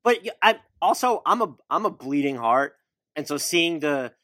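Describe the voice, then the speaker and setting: A man hosting a casual sports podcast, talking in an animated way and firing off questions. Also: a little high, normal speed, no room sound. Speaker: podcast host.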